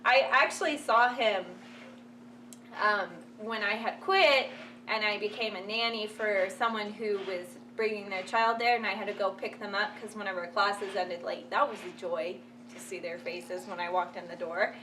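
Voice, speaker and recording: A woman's voice: medium pitch, steady tone, moderate pace. A young woman vlogger telling funny stories in a casual, chatty way, laughing often and acting out the people she quotes. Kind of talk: casual storytelling while folding laundry. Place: home room. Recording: slightly distant mic with faint room noise.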